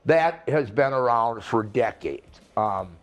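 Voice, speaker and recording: A man's voice: mid-range voice, expressive, takes it slowly. An older man, a retired wrestler, telling rambling stories with laughs and restarts in a casual interview.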